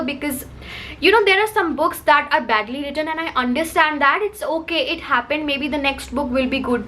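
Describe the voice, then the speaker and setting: A woman's voice: high-pitched, a little fast, sharp tone. A woman reviewing a book to camera, talking in a heated, emphatic rant full of repetition.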